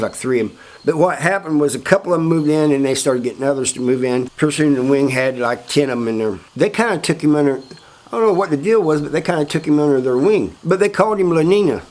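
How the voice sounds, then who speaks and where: A man's voice: mid-range voice, a little mellow. A man hosting his own channel, telling a story in a laid-back, chuckling way with plenty of fillers. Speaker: host telling prison stories. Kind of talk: casual storytelling.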